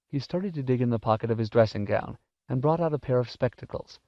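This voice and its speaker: A man narrating an audiobook in a measured, expressive storytelling manner. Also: mid-range voice, dry recording. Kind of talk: scripted narration. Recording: dull, dry cassette audiobook recording.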